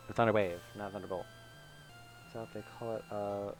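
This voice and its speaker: A man's voice: on the low side, steady tone, normal speed, long pauses, faint music behind. A man from Michigan chatting casually while streaming a video game, rambling and self-mocking with lots of fillers. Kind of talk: casual let's-play commentary.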